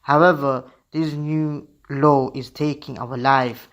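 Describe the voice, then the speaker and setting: A man's voice: mid-range voice, steady tone, slow, fairly bright tone. A man reading weary, oppressed people complaining.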